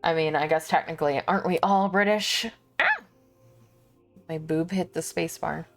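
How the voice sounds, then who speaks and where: A young woman streamer chatting casually to her viewers while she shops online, thinking out loud and laughing often. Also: deep voice, normal speed, faint music behind.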